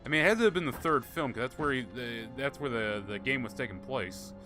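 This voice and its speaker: Over game music and gunfire, a man rambles and jokes through casual commentary on his live gameplay stream, swearing often. His medium-pitched voice is expressive and fairly quick.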